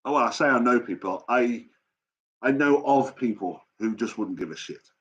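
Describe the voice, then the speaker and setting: A man's voice: medium pitch, moderate pace, a bit bright, breathy edge. A man hosting a live chat stream, talking casually in a blunt, sweary and rambling way. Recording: dull lo-fi stream audio.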